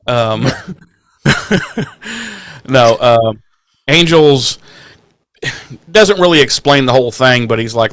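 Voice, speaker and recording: A man's voice: mid-range voice, slow, long pauses, a bit bright, clean tone, dry recording. A man co-hosting a podcast, recapping an episode in casual, profane, joking chat and acting out lines in silly voices. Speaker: podcast co-host.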